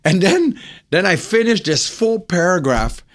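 Guest storyteller, male, grew up speaking french, lively and animated, acts out the lines. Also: sits high, measured pace. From French-speaking upbringing. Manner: animated, acts out quotes, swears. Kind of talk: anecdote storytelling.

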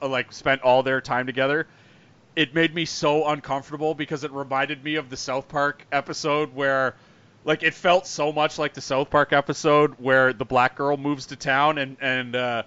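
Animated bright-voiced man. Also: medium pitch, clear, resonant tone. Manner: animated, swearing, mimics voices. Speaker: podcast co-host. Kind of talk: casual chat. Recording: muffled lo-fi audio.

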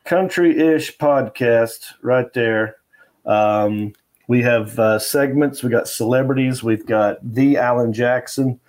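A man's voice: mid-range voice, takes it slowly, a little mellow. A middle-aged man, a comedian guest, telling stories in a loose, rambling way full of fillers. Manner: rambling anecdotal with fillers and restarts. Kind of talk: casual interview storytelling.

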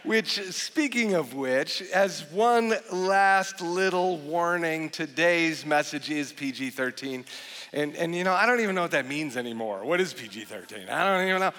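A man in his forties preaching a sermon as a pastor, animated and joking, with frequent restarts. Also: on the high side, moderate pace. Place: large church hall. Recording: long hall reverb.

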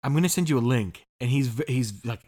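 Male podcast co-host, mid pitch, very lively intonation, casual and profane. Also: fast talker. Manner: animated, laughs often, swears casually. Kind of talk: casual chat.

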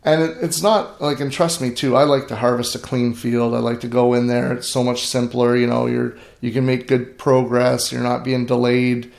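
In an echoey room, a man with a medium-pitched, gravelly, darkish voice talks at normal speed in a level tone, hardly pausing. He's a middle-aged grain farmer recounting stories in an interview, earnest, emphatic, and prone to restarting sentences.

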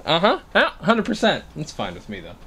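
A man's voice: fairly high pitch, a little fast, husky. A man co-hosting a podcast over a video call, chatting playfully and riffing on jokes. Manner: playful, riffs on jokes, lively asides. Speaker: podcast co-host. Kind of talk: casual chat.

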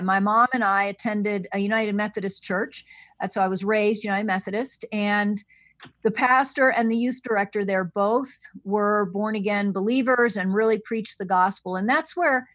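A soft-spoken woman talks as a guest on a podcast over a remote call line. She speaks thoughtfully, pausing with fillers as she goes. The sound is dry and close, at a middle pitch. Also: no echo. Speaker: guest scholar. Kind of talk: podcast interview over the phone.

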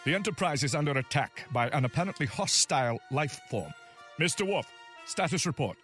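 A man's voice: a little high, sing-song, brisk, music in the background. A man playing a commanding starship captain in a comedy radio promo, with a stiff, pompous captain's-log delivery. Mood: mock-serious. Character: commanding male starship captain, grave and theatrical.

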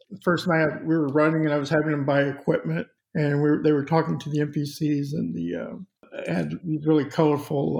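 A man's voice: a little high, vocal fry, a little mellow, highs cut off. A middle-aged man, a cartoonist and game designer, telling anecdotes with laughs in a casual podcast chat.

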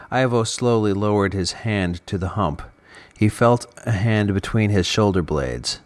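A man reading a serialized fiction story aloud, narrating in a measured, even way. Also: lowish voice. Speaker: podcast narrator.

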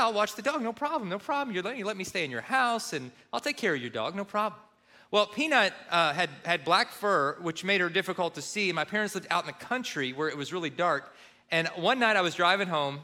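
A man's voice: fairly high pitch, bright, forceful tone. A middle-aged man preaching a sermon, telling a self-deprecating story and acting out the people in it. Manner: storytelling, self-deprecating, acts out phone calls. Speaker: pastor.

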